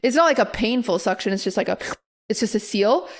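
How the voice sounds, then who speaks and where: A young woman with a fairly high voice co-hosts a podcast in relaxed, casual chat. She tells stories with animation, jumping into quoted reactions as she goes. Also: fairly quick. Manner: animated storyteller who acts out quoted reactions. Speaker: podcast co-host.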